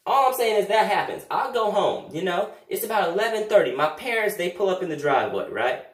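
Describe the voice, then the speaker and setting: Young man, comedic storytime, animated, swings loud and low, roomy room, distant mic. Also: fairly quick, few pauses. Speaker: vlogger.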